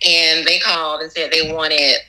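Bright-voiced woman telling stories. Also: flat delivery, normal speed, poor audio. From Augusta, Georgia. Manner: acts out dialogue with big pitch jumps, laughing. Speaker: guest, cupcake bakery owner. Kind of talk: animated storytelling.

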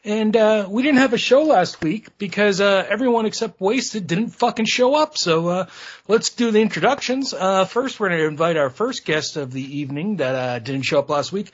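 A man's voice: high-pitched, expressive, moderate pace, dull audio. A man hosting a podcast in crude casual chat, profane, teasing and rambling. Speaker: podcast host.

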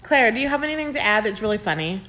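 A woman co-hosting a casual recap podcast, chatty and gushing, quick to laugh. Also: a little high, animated, bright, forceful tone. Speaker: podcast co-host. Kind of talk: casual chat.

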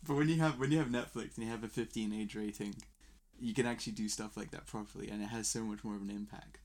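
Teasing British podcast co-host, mid-pitched. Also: steady tone, fast, a little mellow. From Britain. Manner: teasing, jokey banter. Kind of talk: casual podcast chat.

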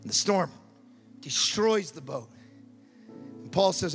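A high-voiced man preaches with mounting fervor, often repeating his words as he builds toward shouted appeals. Faint music sits under his voice. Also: animated, slow, pauses often, long reverb tail. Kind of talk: sermon.

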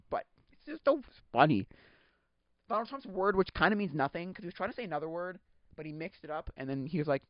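A man hosting a podcast, chatting casually in a rambling, excitable way, laughing often and acting out quotes. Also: fairly high pitch, fast talker, dry recording. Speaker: podcast host. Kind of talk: casual solo chat. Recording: dull lo-fi sound.

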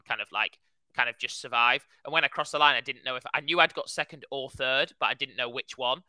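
A man's voice: medium pitch, fairly quick, smooth, no echo, rough recording. A man in his twenties, a podcast co-host, telling a story in casual chat and filling it with "like". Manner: animated storytelling, heavy use of "like".

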